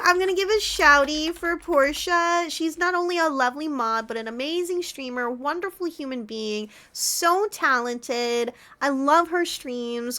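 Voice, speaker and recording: A woman's voice: high-pitched, sharp tone. A woman streaming a farming game from home, chatting playfully with her viewers and the game's characters. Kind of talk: casual gameplay chat with viewers.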